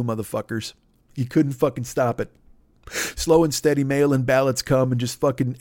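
A man hosting a podcast, ranting in a loud, profane, mocking way and acting out other people's voices. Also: mid-range voice, no echo, clean studio sound. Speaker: podcast host. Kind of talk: profane political rant.

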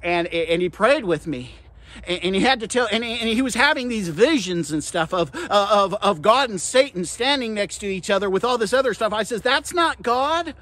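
A man's voice: lively intonation, moderate pace, no echo. Impassioned male preacher. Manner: impassioned, addresses listeners directly as friends and guys; swings between quiet, low stretches and loud, emphatic bursts. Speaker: pastor and podcast host. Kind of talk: devotional podcast sermon.

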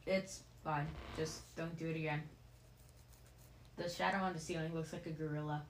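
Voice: mid-range voice, fairly even intonation, normal speed. A listener in casual chat who keeps breaking in with teasing jokes. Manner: teasing, jokey interruptions. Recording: echoey room with faint noise.

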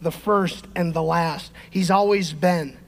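A middle-aged male pastor preaching a sermon, emphatic, swinging from shouted peaks to quiet conversational asides. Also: on the high side, steady tone, slow, creaky. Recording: long hall reverb.

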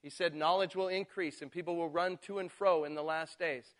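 A man with a high voice preaching a sermon. He drops to soft, low asides, then climbs into loud, drawn-out emphasis. Now and then he mimics people's excuses in a mocking tone. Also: fairly even intonation. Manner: swings from quiet asides to loud, slow emphatic build-ups.

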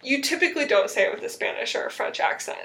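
A woman's voice: sits high, lively intonation, fast, fairly bright tone. A young woman chatting casually, recapping a TV episode and acting out quotes with sarcasm.

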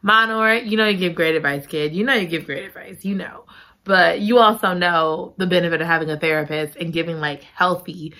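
Chatty bright-voiced woman telling a story. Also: fairly low pitch, fairly even intonation, brisk. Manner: chatty, slangy, playful asides. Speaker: storyteller retelling a show. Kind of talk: animated storytime chat.

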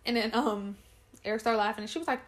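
Young woman telling animated stories. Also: fast talker. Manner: animated storytelling, high-pitched quoted voices, frequent laughter and cursing. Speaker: storyteller. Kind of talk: casual chat.

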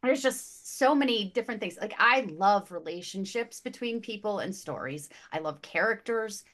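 A woman on a podcast panel talking about books she loved, gushing and emotionally expressive, often restarting and repeating words as she goes. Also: mid-range voice, moderate pace. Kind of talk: casual book chat.

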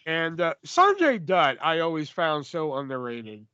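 A man co-hosting a podcast, chatting casually and profanely about wrestling, rambling and animated. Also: fairly high pitch, a little slow, smooth, dry recording, highs cut off. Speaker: podcast co-host. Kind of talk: casual wrestling review chat.

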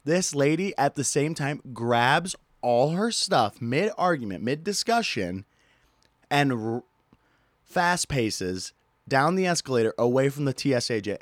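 A man's voice: a little high, moderate pace, no room sound. Podcast guy telling a wild story, voice jumping up and down, swears a lot, dry close sound. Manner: animated, profane, laughing asides. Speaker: podcast host. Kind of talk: casual storytelling.

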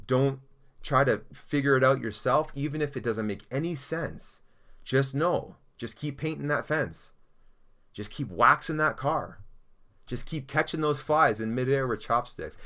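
A man's voice: medium pitch, a bit bright. A man preaching a sermon as a pastor, telling a story with acted-out voices and then leading a prayer. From Canada. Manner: storytelling, acts out quoted characters, ends in prayer. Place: church.

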